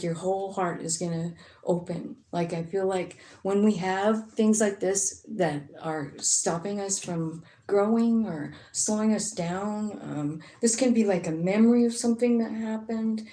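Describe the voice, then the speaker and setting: With a warm, mid-range voice and a measured pace, a woman gives a casual tarot reading. She rambles chattily, with many fillers and some swearing. Echo and faint noise fill the room.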